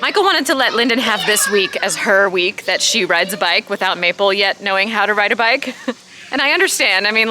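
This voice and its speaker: Woman, 30s, mother, casual vlog talk, chatty, outdoors, handheld camera, noisy background. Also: mid-range voice. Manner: chatty, relaxed. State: out of breath. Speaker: vlogger, mother. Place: outdoors at a lake beach.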